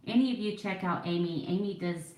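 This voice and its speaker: Doing her makeup at home, a woman in her forties vlogs in a chatty, rambling, self-deprecating way. Her voice sits on the low side, warm and brisk, captured in a rough, reverberant recording.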